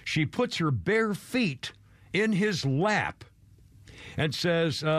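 A man's voice: a little high, expressive, a little slow, a bit bright, no echo. An older man hosting a radio show, rambling through a self-deprecating chat with chuckling asides.

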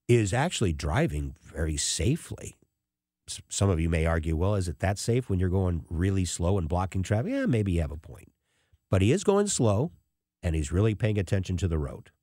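A man in his sixties hosting a radio talk show, telling a rambling, animated story with many restarts. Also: fairly low pitch, no room sound, clean studio sound. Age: 60s. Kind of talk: casual talk radio monologue.

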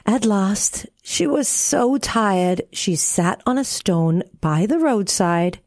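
A woman radio presenter narrating a children's story in a slow, gentle, expressive reading. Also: medium pitch, no room sound, studio quality.

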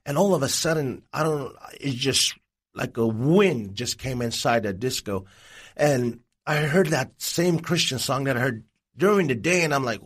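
A man, a Christian evangelist, telling his life story as an interview guest in an earnest, animated way. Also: medium pitch, moderate pace, slightly rough. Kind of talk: personal testimony in an interview.

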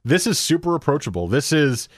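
A man's voice: on the high side, big pitch swings, brisk, no room sound, clean studio sound. A man co-hosting a casual beer tasting chat, talking at length through tasting notes. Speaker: co-host presenting a beer of the week.

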